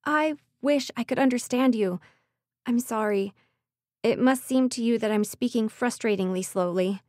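A woman's voice: fairly high pitch, normal speed, a little mellow, no room sound, close to an everyday voice. A woman voicing a young heroine who speaks earnestly and urgently, close to her own reading voice. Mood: grateful. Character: young woman heroine, desperate but determined.

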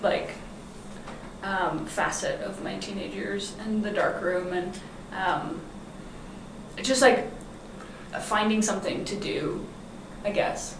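A woman's voice: mid-range voice, slow pace, long pauses, noisy background. A woman guest chatting casually in an interview, laughing often and filling her talk with "like". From grew up mostly in the United States. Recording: echoey room, mic from far off.

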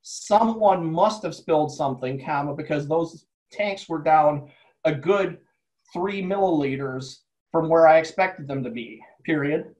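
A man voicing a young male plant scientist who is unsure and defensive, pausing and speaking his punctuation aloud. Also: fairly high pitch, a little mellow, natural voice, low-quality recording. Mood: uncertain. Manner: hesitant, dictates punctuation aloud.

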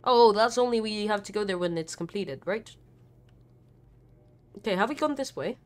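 A woman's voice: mid-range voice, lively intonation, moderate pace. A woman streamer giving live gameplay commentary, nervous and chatty, swearing a lot and talking back at the characters on screen. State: nervous and scared.

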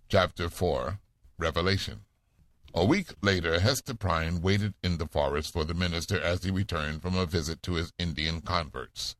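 A man narrating a classic novel summary in a measured, formal audiobook manner. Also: sits low, fairly bright tone, dry recording.

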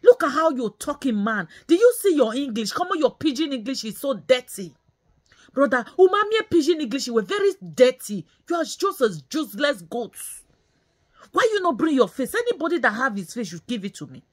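A woman's voice: high-pitched, very animated, a little fast. A woman vlogger ranting angrily, scolding in repeated phrases and slipping into Pidgin. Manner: scolding, repetitive, mixes in Nigerian Pidgin. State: angry and bitter. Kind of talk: angry ranting commentary.

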